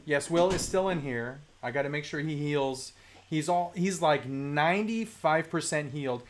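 A live-stream host talking casually about toy collecting at a home desk mic, chatty, mildly profane and quick to laugh. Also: medium pitch. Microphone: desk microphone.

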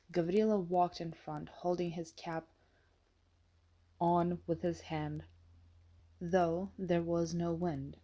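Mellow, low-voiced woman narrating an audiobook.

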